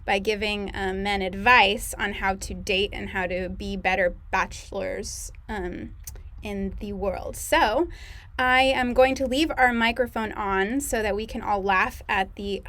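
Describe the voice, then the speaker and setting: A woman's voice: medium pitch, steady tone, unhurried, fairly bright tone. A woman hosting a comedy livestream in a casual, rambling way, with lots of fillers and giggles. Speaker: host and producer of a comedy show.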